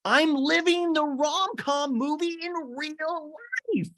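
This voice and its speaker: A man putting on a giddy young woman gushing about love in a breathless falsetto. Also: fairly even intonation, takes it slowly, bright, forceful tone, exaggerated voice. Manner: breathless, squealing falsetto gush.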